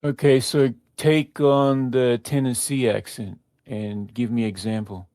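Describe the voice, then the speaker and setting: A man casually testing a voice assistant, hesitant and halting with many fillers. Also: medium pitch, steady tone, darkish tone, no room sound, studio quality. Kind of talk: casual chat.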